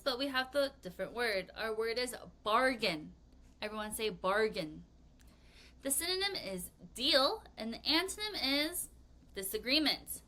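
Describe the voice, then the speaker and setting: Bright, lively woman English teacher. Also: a little high. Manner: playful, expressive, leads choral repetition. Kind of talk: vocabulary lesson video.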